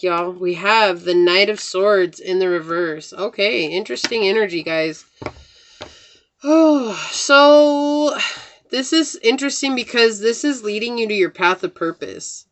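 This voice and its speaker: A woman's voice: on the low side, noisy background. Chatty woman giving a tarot reading. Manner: chatty, addresses listeners as guys and y'all. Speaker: tarot reader. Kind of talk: casual tarot reading to viewers.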